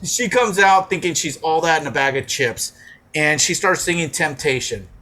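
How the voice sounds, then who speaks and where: Animated profane storyteller man. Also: fairly high pitch, normal speed. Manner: animated, shouts quoted lines, profane. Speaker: podcast co-host. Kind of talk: casual comedic storytelling.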